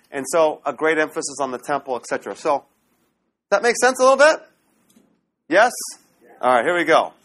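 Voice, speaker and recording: A man teaching a Bible class in a classroom lecture style, animated and often checking in with the class. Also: on the high side, fairly quick, long pauses.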